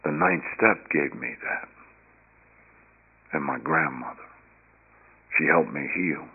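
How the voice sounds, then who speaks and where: A man's voice: very deep voice, takes it slowly, slightly rough. Earnest man telling his recovery story. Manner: earnest storytelling that swings between hushed and loud, emphatic passages. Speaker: speaker sharing his recovery story at a recovery meeting. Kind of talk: personal testimony talk. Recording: dull lo-fi recording.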